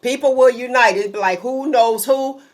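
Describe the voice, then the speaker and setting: A woman's voice: a little high, moderate pace. A woman from Youngstown, Ohio, hosting a casual chat, telling stories animatedly and acting out voices. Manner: animated storytelling, acting out voices, laughing often. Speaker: podcast host.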